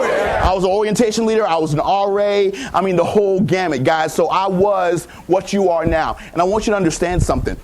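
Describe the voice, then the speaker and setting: High-voiced hyped-up male keynote speaker. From Tampa, Florida. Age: 30s. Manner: hyped, call-and-response crowd pumping. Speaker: motivational speaker. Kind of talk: high-energy keynote speech. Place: large lecture hall with live audience.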